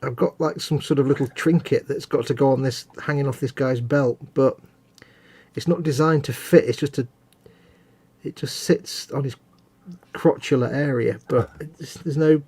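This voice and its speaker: A man's voice: mid-range voice, moderate pace, a little mellow, slightly rough. A man from England hosting a live stream while building a model kit, chatting casually with dry, self-mocking jokes.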